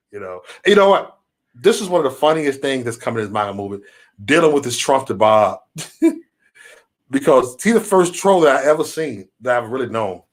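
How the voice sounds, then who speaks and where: Animated swearing man ranting on a stream. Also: medium pitch, a little fast. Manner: animated, swearing, acts out quotes. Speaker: live stream host. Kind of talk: profane political rant on a live stream.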